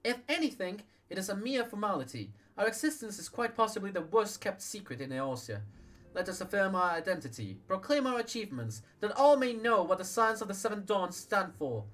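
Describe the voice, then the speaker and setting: A man's voice: high voice, sing-song, a little fast, a bit bright, voice pushed up. A man voicing an earnest, idealistic young male scholar who declaims in formal speech. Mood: resolute.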